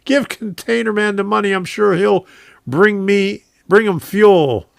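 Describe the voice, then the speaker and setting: Gravelly, slow-talking man hosting a live stream. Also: sits high, dry recording, studio quality. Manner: rambling, chuckles often, reads chat aloud. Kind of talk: casual live-stream chat. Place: home train room.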